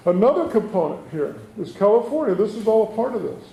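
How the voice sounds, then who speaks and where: In an echoey community meeting room with faint background noise, a middle-aged state assemblyman speaks to residents in a folksy town hall address full of rhetorical questions. His voice is high-pitched, creaky and mellow, and he talks fast and with great animation.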